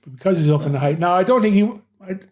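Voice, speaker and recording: A man's voice: sits high, very fast. A middle-aged man, a former doorman telling rambling anecdotes in a casual interview, often saying "you know". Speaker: former nightclub head doorman, guest.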